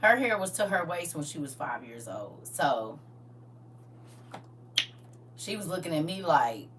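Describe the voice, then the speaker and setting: A middle-aged woman with a bright, forceful voice, chatting to her viewers in a loose, laughing way. She sits a bit back from the mic. A faint hum runs under her voice. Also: sits low, measured pace, distant mic. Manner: animated, laughing, colloquial storyteller who talks straight to viewers. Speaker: livestream host. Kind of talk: casual storytelling chat.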